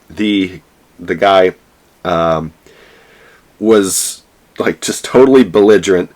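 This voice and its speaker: Low-voiced man telling a rambling anecdote. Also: slow, pauses often, darkish tone. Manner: rambling, many fillers and restarts. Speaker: vlogger. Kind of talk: casual anecdotal storytelling.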